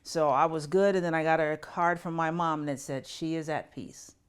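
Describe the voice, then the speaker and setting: Low-voiced woman pastor, earnest and tender. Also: steady tone, a little fast, clean tone. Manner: earnest and personal, voice softening with grief. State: fighting back tears. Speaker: pastor and podcast host. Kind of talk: reflective spiritual talk.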